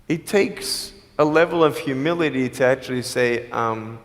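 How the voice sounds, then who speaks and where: Man, inspirational speaker, earnest and personal, slightly high voice, long hall reverb. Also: steady tone. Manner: earnest, personal, with quick jokes. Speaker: motivational speaker. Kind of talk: inspirational speech to a live audience.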